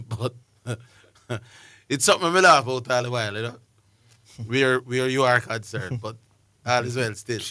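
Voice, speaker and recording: Bright-toned Jamaican radio host. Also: male voice, medium pitch, moderate pace, no room sound, clean studio sound. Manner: jokey, chatty, reads out phone numbers. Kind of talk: casual radio hosting.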